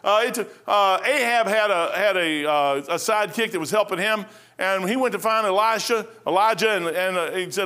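A man's voice: high voice, expressive, brisk, pushed and bright. A middle-aged male pastor preaching a sermon in a rambling, folksy storytelling way, with frequent restarts.

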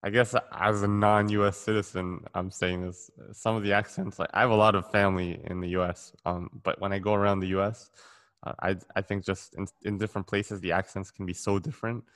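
A man hosting a casual interview, relaxed and rambling with many fillers. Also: on the low side, a little fast. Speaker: interview host.

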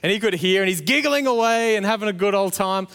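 Man in his 30s, high-pitched pastor, playful storyteller, long hall reverb. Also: quick pace, a bit bright, smooth. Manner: storytelling with playful acted-out quotes. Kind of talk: sermon.

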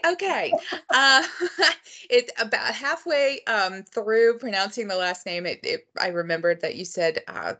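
A woman's voice: on the low side, fairly bright tone. A woman hosting a book podcast, chatting casually with frequent ums and restarts. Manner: chatty, hesitant with many ums. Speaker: podcast host. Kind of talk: casual interview chat.

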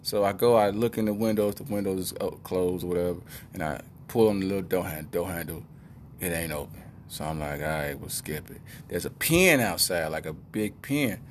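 Rambling low-voiced man telling a story. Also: moderate pace, slight background noise. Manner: rambling and conversational with asides. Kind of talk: comic personal storytelling.

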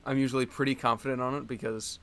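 A man's voice: medium pitch, little pitch movement, fast, fairly bright tone. A man co-hosting a casual comedy podcast, rambling along with many likes and restarts. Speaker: podcast co-host and quiz contestant.

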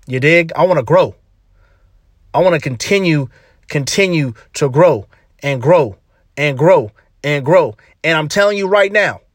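Male podcast host, punchy slang-heavy motivational delivery, slightly high pitch. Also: fairly bright tone, dry recording, clean studio sound. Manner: emphatic, slangy, repeats phrases for punch.

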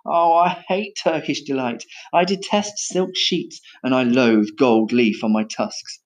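A man's voice: mid-range voice, unhurried, natural voice. A man voicing a mournful, fussy male white elephant who complains dramatically.

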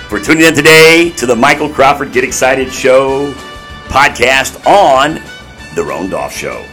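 A man hosting a Christian podcast, exuberant and bursting with praise and excitement. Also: mid-range voice, takes it slowly, soft background music. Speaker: podcast host. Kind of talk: enthusiastic Christian podcast chat.

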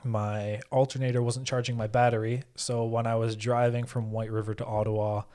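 Casual podcast co-host, man, steady flat delivery, rambling and profane. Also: mid-range voice, a little fast. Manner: rambling storytelling, frequent swearing and fillers. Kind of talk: casual chat.

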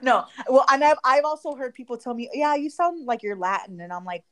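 A woman co-hosting a podcast in casual chat, talkative and quick to laugh. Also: high voice, expressive. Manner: chatty, laughs often. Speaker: podcast co-host.

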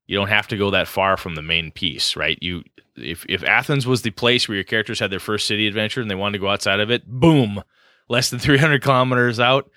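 A man chats on a gaming podcast in a low, bright, forward voice. He rambles happily through fillers and restarts. The sound is close and dry. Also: a little fast, dry recording. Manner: rambling, enthusiastic, lots of fillers. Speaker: podcast co-host. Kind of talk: casual podcast chat.

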